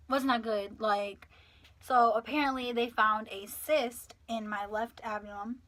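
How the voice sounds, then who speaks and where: Bright-voiced eighteen-year-old woman vlogger. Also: a little high, measured pace. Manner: animated, swearing, acting out quotes. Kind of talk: casual storytime.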